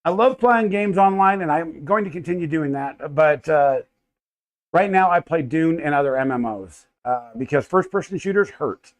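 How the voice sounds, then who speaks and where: A man's voice: on the high side, normal speed. An American man in his thirties hosting a casual livestream from his home workshop, rambling and greeting viewers by name with frequent stumbles and restarts. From United States. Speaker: livestream host. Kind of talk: casual live chat with viewers.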